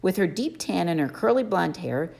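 A woman narrating a children's novel aloud, expressively and slowing down for emphasis. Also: on the low side, lively intonation, vocal fry, darkish tone. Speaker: audiobook reader. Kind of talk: storybook narration.

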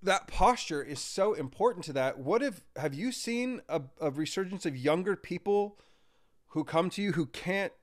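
A high-pitched, expressive man speaking at normal speed appears as a guest on a casual podcast. He's a breathwork coach who talks energetically and impulsively, acting out his examples.

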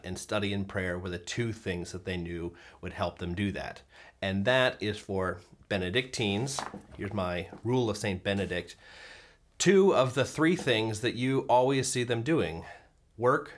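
A man hosting a talk on everyday spirituality, speaking thoughtfully with frequent fillers and restarts. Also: fairly low pitch. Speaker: host. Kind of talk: casual talk to camera on faith.

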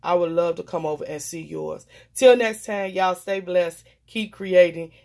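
A woman's voice: fairly low pitch, measured pace, creaky, darkish tone. A woman vlogger showing her mixed-media craft projects in a casual, gushing, emotional, folksy way. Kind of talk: casual show-and-tell.

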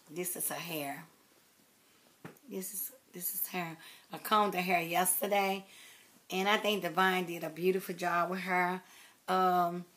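Chatty woman rambling to her viewers. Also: on the low side. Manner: rambling, chatty, affectionate, drifts to soft murmurs. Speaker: doll collector vlogger. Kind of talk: casual chat to camera.

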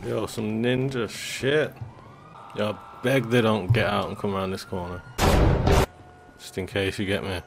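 A man, loudly commentating on a game with bursts of shouting and swearing. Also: on the low side, fairly even intonation, measured pace, gravelly, long pauses, background noise. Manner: slangy, loud outbursts and swearing. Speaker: gaming video host. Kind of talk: excited gameplay commentary. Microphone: desktop USB microphone. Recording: game music playing under voice. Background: game music and sounds.

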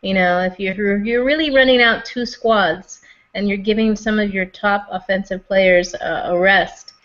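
A woman's voice: medium pitch, steady tone, unhurried, a bit bright. A woman co-hosting a casual discussion, asking long rambling questions with many restarts. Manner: talks in long questions full of restarts and fillers. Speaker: podcast co-host. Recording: dull lo-fi recording.

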